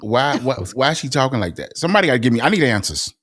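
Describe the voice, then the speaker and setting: Teasing man co-host, animated pitch, casual banter. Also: very fast. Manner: teasing, keeps interrupting. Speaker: podcast co-host. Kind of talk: casual podcast chat.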